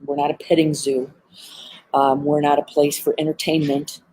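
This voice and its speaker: A woman's voice: sits low, level tone, moderate pace, warm tone, slightly rough, rough recording. A woman animal behavior trainer giving earnest, heartfelt advice in a live-streamed talk, with frequent "um" fillers. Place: animal center, sitting among birds.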